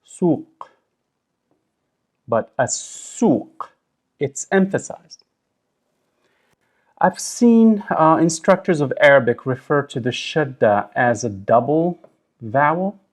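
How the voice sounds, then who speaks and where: A man teaching a recorded language lesson, sounding out syllables slowly and deliberately. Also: fairly high pitch, expressive. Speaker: Arabic teacher.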